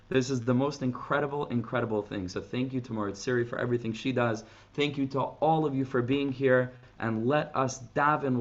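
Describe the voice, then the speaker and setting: A man, a rabbi, speaking to children in an enthusiastic, uplifting way after a sing-along. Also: medium pitch. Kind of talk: singing and encouraging talk to children. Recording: dull lo-fi sound with faint guitar.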